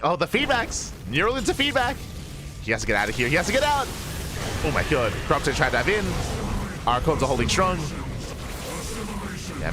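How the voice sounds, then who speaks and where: A man casting a live strategy game match with quick play-by-play, breaking into excited shouts at big plays. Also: medium pitch. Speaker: esports caster.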